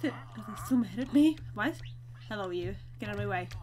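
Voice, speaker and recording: A woman's voice: mid-range voice, expressive, a little fast, darkish tone. A woman giving let's play commentary on her survival game, melodramatic, breaking into squeals and mock wailing. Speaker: gaming YouTuber.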